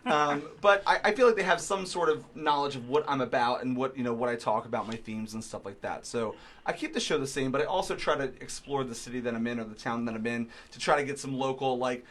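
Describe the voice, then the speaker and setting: Man, Philadelphia accent, bright voice, animated storytelling, laughs a lot, studio chat. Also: medium pitch, quick pace, few pauses, a little hiss or hum. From Philadelphia area. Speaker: comedian guest. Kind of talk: casual chat.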